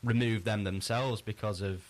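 A man hosting a casual quiz on a podcast, chatty and relaxed, often restarting his sentences. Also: fairly low pitch, moderate pace. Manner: chatty, easygoing, frequent restarts. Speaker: quizmaster.

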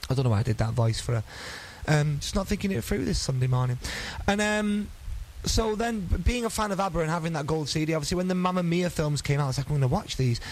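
A man's voice: fairly high pitch, quick pace, slight background noise, rough recording. A man, presenting a local radio show and chatting between songs in a rambling, self-deprecating way. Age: 30s. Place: radio studio. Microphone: studio microphone.

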